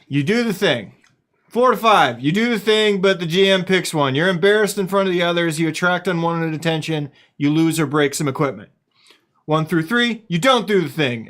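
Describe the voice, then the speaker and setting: A man's voice: high voice, a bit bright. A man running a tabletop game as game master, reading rules and chatting, laughing often.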